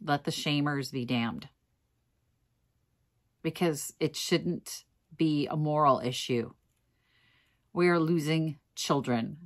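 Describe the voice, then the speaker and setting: A woman's voice: sits low, slow pace, pauses often. A woman vlogger talking earnestly and wearily to camera, exhausted and close to tears at times. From Minnesota, USA. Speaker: thrift reseller vlogger. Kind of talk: casual emotional talk to camera.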